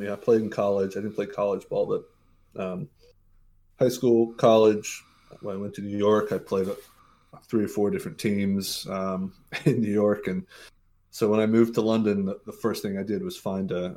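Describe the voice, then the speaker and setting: A man's voice: lowish voice, warm tone. An American man in his forties, a podcast guest, telling stories casually with many fillers and restarts. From Mississippi, USA. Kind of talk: casual interview storytelling.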